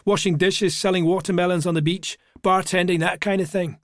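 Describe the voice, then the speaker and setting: A man's voice: sits high, steady tone, a little fast, dry recording, clean studio sound. A man voicing a wiry, good-humoured Glaswegian builder who swears bluntly, reading from an audiobook story. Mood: cheery.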